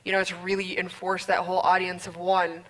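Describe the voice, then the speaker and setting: A woman from a worship team steers a casual conversation and speaks in a relaxed, searching manner. Her voice sits a little low for a woman. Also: a little fast, poor audio. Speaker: worship team member hosting discussion. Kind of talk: casual chat.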